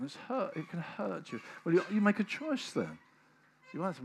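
A man's voice: a little high, fairly quick, vocal fry, slight background noise. A man, preaching a sermon, telling stories and acting out the voices of people in them. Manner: animated storytelling, acting out quoted voices.

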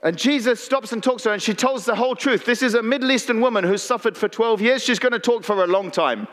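High-voiced preacher in a reverberant hall. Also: male voice, fast, fairly bright tone. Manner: conversational, with playful asides and calls to the congregation. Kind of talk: sermon. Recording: long reverb in a large hall.

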